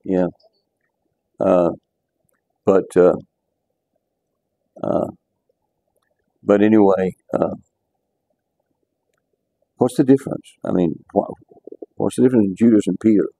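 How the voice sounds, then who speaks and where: Low mellow guy teaching bible class, casual, keeps restarting his sentences. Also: slow, long pauses, no room sound. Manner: conversational, repeats words as he restarts.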